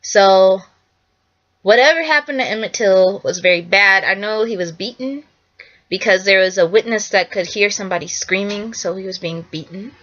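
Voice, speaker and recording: A young woman with a bright, forward voice talks through her subject in a casual, earnest way, repeating key points. The recording sounds dull and lo-fi. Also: medium pitch, normal speed. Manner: earnest, repetitive, acts out quotes. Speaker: artist presenting her work. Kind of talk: casual spoken presentation.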